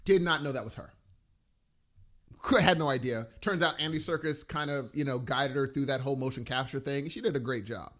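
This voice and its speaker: A man co-hosting a podcast in casual chat, enthusiastic and animated, often trailing off mid-sentence. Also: medium pitch, fairly quick. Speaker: podcast co-host.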